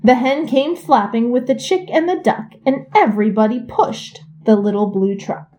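A woman reading a children's picture book aloud in an expressive, sing-song way. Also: a little high, normal speed, highs cut off. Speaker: reader.

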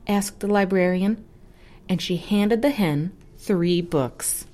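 Young female reader for a kids' story, slow and very expressive. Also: mid-range voice. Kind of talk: children's story read-aloud.

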